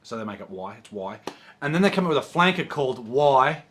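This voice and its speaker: A man's voice: medium pitch, very animated, a little fast, fairly bright tone, slight background noise. Joking Australian man reading viewer questions. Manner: joking, teasing banter. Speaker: golf pro co-host reading viewer questions. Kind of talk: casual chat.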